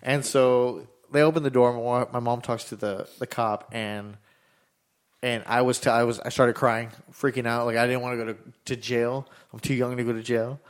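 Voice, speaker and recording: A man's voice: mid-range voice, fairly even intonation, normal speed, smooth. Young male storyteller, casual, profane, voices the other people in his story. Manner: rambling, swears freely, acts out dialogue.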